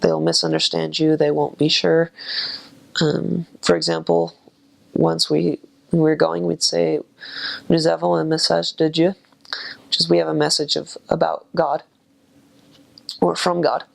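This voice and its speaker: A man's voice: on the high side, unhurried, creaky, pauses often. A young man explaining earnestly in casual chat.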